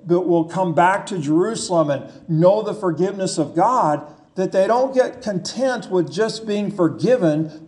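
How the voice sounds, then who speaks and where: A man delivers a sermon at an unhurried pace, leaning on repeated phrases for emphasis. His voice sits high for a man, and he often turns to the listeners with rhetorical questions. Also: darkish tone. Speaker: preacher.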